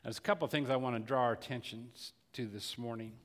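Impassioned preacher in a reverberant hall. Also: male voice, medium pitch, fast. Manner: preaching with rising intensity and frequent repetitions. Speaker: pastor. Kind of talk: sermon.

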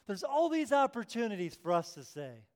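Animated preaching man, somewhat high voice. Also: moderate pace. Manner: animated preaching, swinging from hushed prayer to loud emphasis; acts out quoted voices and prayers. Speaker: pastor. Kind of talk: sermon.

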